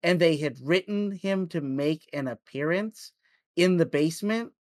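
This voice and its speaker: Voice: medium pitch, a little slow, no echo. A podcast guest in casual chat, telling anecdotes animatedly. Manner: animated storyteller.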